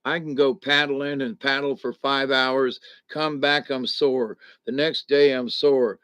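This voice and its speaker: A middle-aged man recovering at home from back surgery chats casually and rambles live to his viewers indoors, folksy and chuckling between thoughts. His medium-pitched voice is level, unhurried, a bit bright, and smooth. There's no echo.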